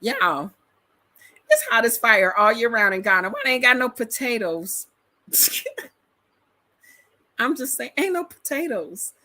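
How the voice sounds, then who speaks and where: A bright, forward voice from a middle-aged Detroit woman with an African American accent. She vlogs in a loose, emphatic, storytelling way, slangy and full of personality. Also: fairly high pitch, big pitch swings, measured pace, pauses often. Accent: African American Vernacular English, Detroit. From metropolitan Detroit, USA. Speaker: vlogger. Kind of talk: casual reaction chat to camera.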